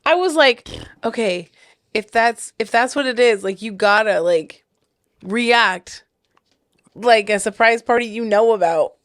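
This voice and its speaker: A woman chats with her husband on their podcast, laughing often and acting out little scenes with lots of "like" fillers. Her voice sits fairly high. The sound is close and dry, with no room echo. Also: a little slow. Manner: giggly, animated storytelling with many fillers. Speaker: podcast co-host. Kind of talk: casual couple chat.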